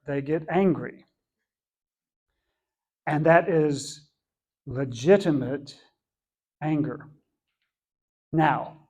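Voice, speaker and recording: A man with a fairly high voice teaches an adult class at church. He talks in an earnest, conversational way. He often restarts and rephrases to get his point across. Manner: earnest, repeats and rephrases as he explains.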